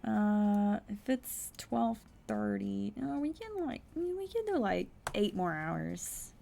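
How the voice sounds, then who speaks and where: A young woman streaming herself playing a text adventure, reading the story text aloud quickly and breaking in with blunt, incredulous asides and the odd swear. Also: medium pitch, huge pitch swings, vocal fry, warm tone, slight background noise. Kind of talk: casual live-stream commentary, reading game text aloud.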